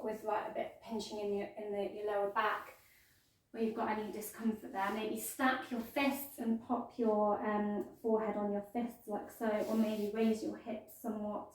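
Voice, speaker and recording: A woman's voice: medium pitch, fairly even intonation, moderate pace, a little mellow. Woman, yoga teacher, casual rambling talk, lots of ums, heavy room echo, distant mic. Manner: chatty, rambling, many ums and restarts. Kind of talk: casual yoga class intro and instruction. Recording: echoey room, voice from far off.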